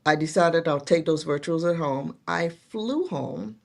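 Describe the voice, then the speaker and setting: A woman's voice: low-pitched, measured pace, creaky, a little mellow. A middle-aged woman, a guest in a casual interview, telling her story earnestly with many restarts. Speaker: guest, nurse executive.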